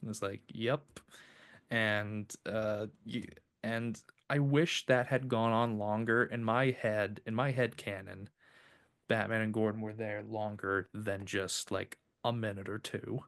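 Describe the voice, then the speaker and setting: A man's voice: lowish voice, fairly even intonation, a little slow, vocal fry, a bit bright. A man hosting a podcast in casual chat, rambling and filling with "like" and "uh". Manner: rambling, filler-heavy. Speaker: podcast host.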